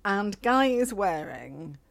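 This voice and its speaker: A woman's voice: medium pitch, big pitch swings, takes it slowly, creaky. A young woman co-hosting a casual podcast with her husband, teasing him in a dry, chatty way. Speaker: podcast co-host. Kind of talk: casual chat.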